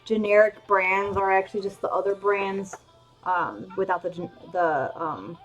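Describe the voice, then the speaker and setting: A woman's voice: medium pitch, moderate pace, lo-fi sound, soft background music. A woman streamer chatting casually while she draws, rambling along with lots of ums and restarts. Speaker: streamer drawing emotes. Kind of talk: casual chat while drawing.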